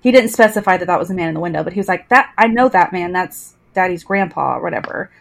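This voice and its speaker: A woman in her thirties hosting a podcast and chatting with her guests. She talks in an easy, chatty way, laughs often and quotes what she said in her stories. Her voice sits at a middle pitch for a woman. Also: animated, fast talker, gravelly. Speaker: podcast host. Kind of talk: casual podcast chat, storytelling.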